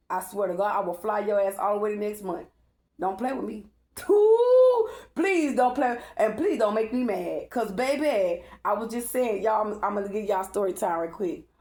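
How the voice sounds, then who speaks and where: A woman's voice: medium pitch, a little mellow. A woman giving a casual spiritual reading, emphatic and profane, talking straight to her viewers. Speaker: spiritual tarot reader.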